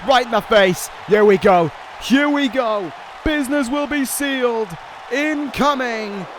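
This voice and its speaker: A man with a very high voice calls a wrestling video game play by play, swinging between pleading and shouting. A roaring game crowd and loud noise sit under his voice. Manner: excitable, pleading and shouting at the action. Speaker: YouTube gaming commentator.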